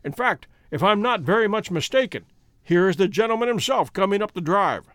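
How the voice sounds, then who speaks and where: A man voicing a calm, stern male detective who speaks in a measured, commanding way. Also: high-pitched, no room sound, clean studio sound.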